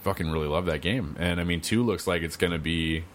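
A low-voiced young man chatting easily on a gaming podcast, loose and unhurried, tossing in swear words and filler ums. A faint hum of room ambience sits under his voice. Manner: laid-back, swears often, trails off with ums. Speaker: podcast co-host. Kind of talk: casual chat.

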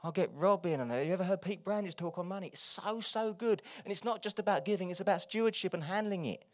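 A man preaching a sermon, moving between quiet, confiding asides and loud, urgent exhortation. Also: high-pitched, fast. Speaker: pastor.

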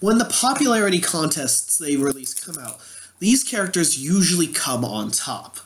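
A man's voice: on the high side, big pitch swings, moderate pace, noisy background. A man in casual chat, blunt and opinionated, who swears freely.

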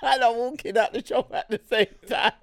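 A man's voice: extremely high pitch, steady tone, a little fast, vocal fry, no room sound, studio quality. A man, telling cheeky stories in casual, slangy podcast chat. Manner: cheeky, slangy, laughing self-defense.

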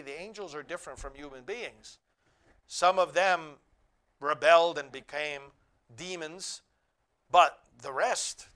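A man preaching a sermon, emphatic, rising to near shouts on key phrases. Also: high-pitched.

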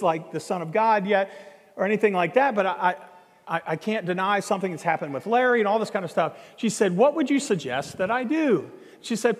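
A man preaching a sermon, telling a story in a conversational, animated way and acting out the dialogue. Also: high-pitched. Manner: animated, acts out quoted dialogue, conversational asides. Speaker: pastor. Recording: long hall reverb.

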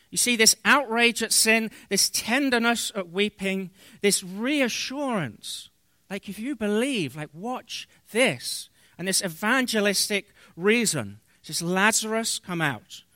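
A man with a high, bright voice preaches a sermon, reading scripture aloud and explaining it in an earnest, unhurried way with pauses and small fillers. The sound is close and dry. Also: dry recording. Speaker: pastor.

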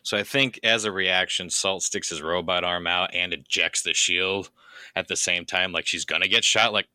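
A man playing a tabletop game, chatting in a relaxed, joking way. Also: low voice, moderate pace, dry recording. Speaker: player. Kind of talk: casual tabletop play chat.

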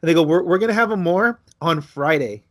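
Animated man telling a story. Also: fairly quick. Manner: animated, acts out quotes with big pitch jumps; swears freely. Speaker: podcast co-host. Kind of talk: casual storytelling chat.

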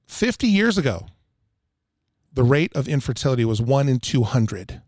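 Man, podcast guest, emphatic, repeats for effect, mid pitch, dead-dry sound. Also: very animated, moderate pace, darkish tone, dry recording. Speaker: water filtration installer, guest. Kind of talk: casual podcast chat. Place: Utah.

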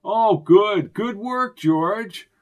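A man reading an audiobook, voicing a snooty, pompous male official who speaks in a loud, clipped way. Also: high voice, very slow, pitched above the performer's own voice. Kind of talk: audiobook character voice.

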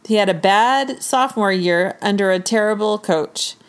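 A woman co-hosting a casual sports chat, launching into an animated, exasperated rant. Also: medium pitch, moderate pace, clear, resonant tone. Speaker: podcast co-host.

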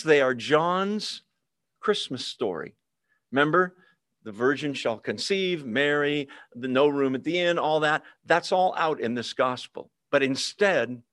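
A man's voice: mid-range voice, a bit bright, dry recording, studio quality. A man leading a Bible study over a video call, talking casually with fillers and humorous asides. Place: online video meeting.

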